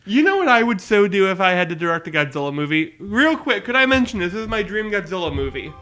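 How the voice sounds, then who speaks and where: A man co-hosting a podcast in casual chat, eagerly pitching ideas and jumping between topics. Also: very animated, quick pace, sharp tone. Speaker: podcast co-host.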